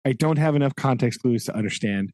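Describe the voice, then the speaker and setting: A man's voice: mid-range voice, fast, a little mellow, no room sound. A man co-hosting a casual book discussion, rambling along with lots of "like" and "right?" and laughing at his own asides. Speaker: podcast co-host.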